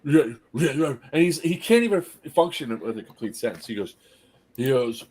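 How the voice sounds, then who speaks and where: A man casually telling a long story on a podcast as its host, animated and often laughing. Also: medium pitch, brisk. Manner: animated anecdote teller, laughs through his story.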